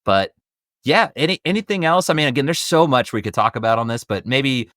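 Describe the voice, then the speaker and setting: A man's voice: medium pitch, lively intonation, a little fast, a bit bright, dry recording, studio quality. A man hosting a casual podcast discussion, rambling a bit and repeating himself as he passes questions to his guests. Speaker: podcast host. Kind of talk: casual chat.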